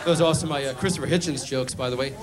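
A man performing a stand-up comedy routine on a club stage, delivering deadpan jokes and playing mock call-in phone bits. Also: medium pitch, racing, heavy background noise.

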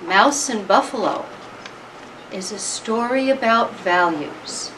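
Slow, deliberate woman storyteller. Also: mid-range voice, a bit bright, a little hiss or hum. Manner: slow, deliberate, with long pauses. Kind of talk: oral storytelling at a live concert. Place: event hall. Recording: distant mic at a live event.

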